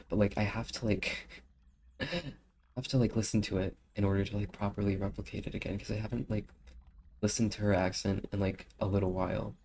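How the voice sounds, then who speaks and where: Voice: low-pitched, darkish tone, slight background noise. A young adult streamer chatting casually and filling speech with lots of filler words, still coughing after a cold.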